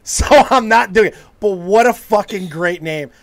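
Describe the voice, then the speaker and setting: A man's voice: high voice, measured pace. A man hosting a casual podcast, brash and profane, teasing his co-host. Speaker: show host.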